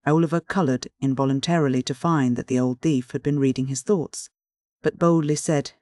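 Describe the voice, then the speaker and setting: A man narrates an audiobook in a steady, measured storytelling manner at medium pitch. The recording is studio quality, with no room sound.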